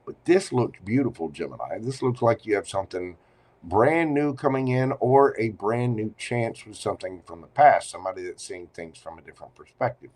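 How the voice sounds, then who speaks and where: Chatty low-voiced tarot reader, a man. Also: normal speed. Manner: chatty, expressive, speaks straight to the listener. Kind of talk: live tarot reading.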